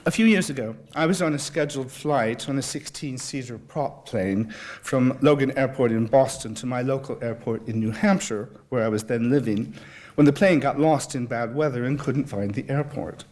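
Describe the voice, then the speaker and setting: A man speaking at a public talk, mixing anecdote with reading aloud. His telling is wry and self-deprecating, with a mid-pitched voice. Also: moderate pace, darkish tone. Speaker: guest speaker. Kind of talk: humorous storytelling and reading aloud.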